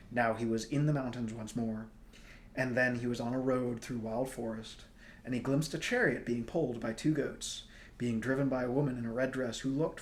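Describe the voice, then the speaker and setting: Man reading a novel aloud, unhurried. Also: mid-range voice, a little hiss or hum. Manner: unhurried, with small slips and throat clearing. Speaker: storybook reader.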